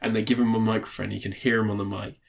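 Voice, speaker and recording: A man's voice: lowish voice, little pitch movement, fast talker, creaky. A man co-hosting a podcast, telling a story in casual chat, laughing often and swearing freely. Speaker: podcast co-host.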